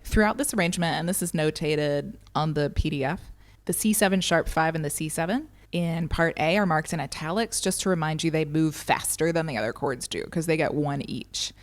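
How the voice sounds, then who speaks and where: Low-voiced woman teaching ukulele. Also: a little fast. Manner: patient, counts and calls strums rhythmically. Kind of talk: instructional lesson, counting beats aloud. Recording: ukulele playing behind the voice.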